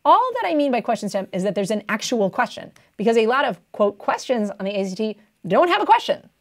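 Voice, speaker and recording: A young woman tutoring test prep in a playful, animated way, acting out what students think. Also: a little high, brisk. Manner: playful, acts out students' inner voices.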